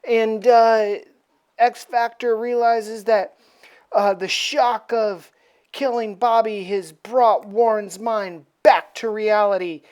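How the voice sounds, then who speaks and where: A woman's voice: a little high, steady tone, slow pace, darkish tone, clear, resonant tone. A woman casually recapping a comic book issue in a slangy, offhand way.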